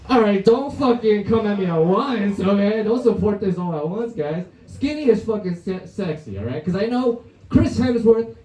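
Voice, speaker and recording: A man's voice: high voice, dark tone. Brash young man doing stand-up. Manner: brash, crude, laughing at his own jokes. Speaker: stand-up comedian. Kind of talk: stand-up set at an open mic. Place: comedy club stage. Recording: roomy live club sound from a distance.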